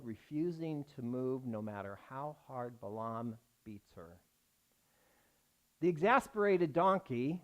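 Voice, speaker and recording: A man, a rabbi, giving a sermon as a wry, self-mocking personal story, pausing for the congregation's laughs. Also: mid-range voice. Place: synagogue sanctuary with a congregation.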